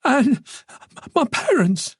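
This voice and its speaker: A woman's voice: high voice, big pitch swings, drawn-out words, breathy edge, dry recording, clean studio sound, pitched above the performer's own voice, full character voice. A narrator voicing a shaken young woman detective who speaks urgently and breaks toward sobs. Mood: frantic.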